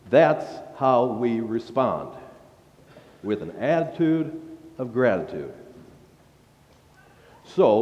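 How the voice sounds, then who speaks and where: A man preaching a sermon as pastor, reading scripture in a slow, deliberate way. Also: medium pitch, dark tone. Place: church sanctuary. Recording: dull lo-fi sound in a reverberant sanctuary.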